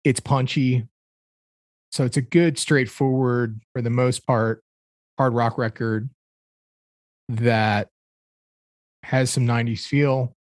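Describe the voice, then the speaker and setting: A man's voice: medium pitch, steady tone, slow pace, pauses often, no echo. Rambling man on a dry podcast mic. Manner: rambling, searches for words with fillers. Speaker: podcast co-host. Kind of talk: casual chat, music review.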